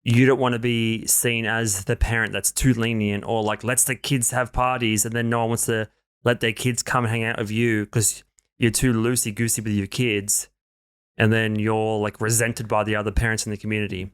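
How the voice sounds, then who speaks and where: A man's voice: lowish voice, level tone, normal speed, clean tone. A young man co-hosting a podcast, musing in a casual, somewhat weary way and often trailing off. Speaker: podcast co-host. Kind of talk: casual chat.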